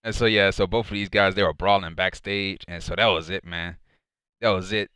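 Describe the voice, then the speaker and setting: A man's voice: deep voice, steady tone, brisk, pushed and bright, a faint crowd, slight background noise. A man casually recapping a wrestling show, rambling and leaning on repeated fillers.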